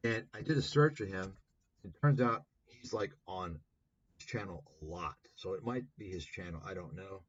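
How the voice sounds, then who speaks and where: A man's voice: deep voice, moderate pace, breathy edge, dull audio. A man hosting a livestream, talking in a sarcastic, profane, rambling way. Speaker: livestream host. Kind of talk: livestream commentary.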